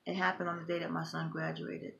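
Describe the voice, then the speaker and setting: A woman's voice: on the low side, completely flat delivery, fast talker, gravelly, fairly bright tone, a little hiss or hum. A middle-aged woman vlogging emotionally, talking in an impassioned, repetitive, grieving way. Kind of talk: emotional personal vlog.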